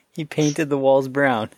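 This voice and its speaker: A man's voice: medium pitch, a little mellow. A man in casual chat, making dry quips as a co-host.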